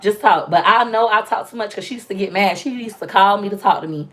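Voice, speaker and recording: A young woman chatting loudly and talkatively with viewers on a casual live stream, telling stories with playful, animated quoted voices. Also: mid-range voice, fast, slight background noise. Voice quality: loud, talkative. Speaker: livestream host.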